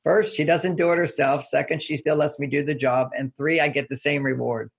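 A man with a deeply gravelly, husky voice talks through his ideas as an interview guest. He teaches through everyday stories and chuckles often along the way. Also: steady tone, fairly quick. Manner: anecdotal, instructive, chuckling. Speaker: relationship author and guest. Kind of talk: relaxed interview talk.

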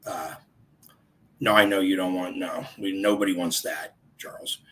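A man hosting a casual live stream, chatting in a rambling way and greeting viewers by name, his voice a bit congested and hoarse. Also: sits low, fairly even intonation, normal speed, a bit bright, poor audio.

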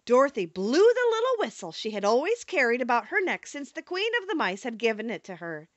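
A woman narrating a storybook audiobook in an expressive reading manner. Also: a little high, brisk, hardly any pauses, no room sound, lo-fi sound.

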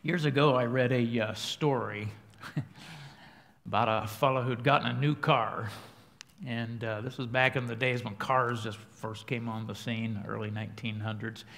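A man preaching a sermon in a church, telling folksy stories and moving between hushed prayer and loud emphasis. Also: medium pitch, fairly even intonation, a little slow, gravelly. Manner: folksy storytelling, swings from quiet prayer to loud. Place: church sanctuary. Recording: church livestream with long hall reverb.

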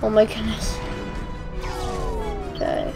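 Excitable young woman gamer. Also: a little high, slow pace, vocal fry, low-quality recording. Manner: excitable, chatty, exclaiming at the action. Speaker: let's play gamer. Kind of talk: casual gameplay commentary. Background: game music.

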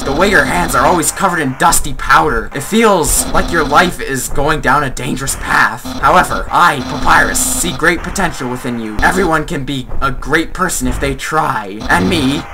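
Papyrus, a man doing a loud boastful skeleton. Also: fairly high pitch, low-quality recording. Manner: loud, proud, rapid announcing. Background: game music.

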